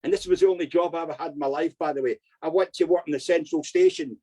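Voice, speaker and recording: A man's voice: a little high, fairly even intonation, quick pace, warm tone, poor audio. An older man with a Scottish accent, a guest recounting his past in a long, rambling interview, often asking "you know what I mean". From Scotland. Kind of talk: storytelling interview.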